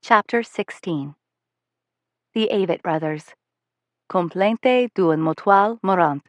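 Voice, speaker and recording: A woman giving measured, soft-spoken first-person audiobook narration into a close studio mic. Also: mid-range voice, no room sound.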